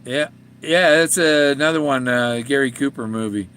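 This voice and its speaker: An older man vlogs about a treasure hunt in a rambling, casual monologue, chuckling often and restarting his sentences. His mid-range voice moves at a moderate pace with a slightly bright, clean tone. He is a treasure hunt author and vlogger.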